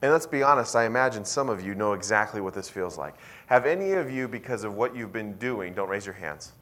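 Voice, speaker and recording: A man pastor preaching a sermon in a church, telling a story with animated swings from hushed, intimate lines to loud, emphatic ones. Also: on the low side, fairly quick.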